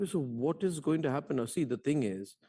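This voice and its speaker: A high-voiced man anchors a heated televised debate. He is combative and mocking, and he hammers his point with rhetorical questions stacked one after another. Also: lively intonation, brisk, dark tone, husky.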